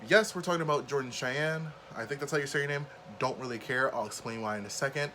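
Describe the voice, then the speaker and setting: Blunt, bright-voiced male commentary host. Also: medium pitch, fast talker, a little hiss or hum. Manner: blunt, openly indignant. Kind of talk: casual commentary vlog.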